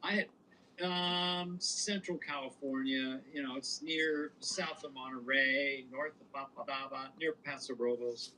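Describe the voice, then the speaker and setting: A man's voice: medium pitch, unhurried, a little hiss or hum, rough recording. A man from Montana, co-hosting a podcast, telling stories in casual chat and slipping into old-timey voices. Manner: animated storyteller, slips into old-timey voices. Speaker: podcast co-host.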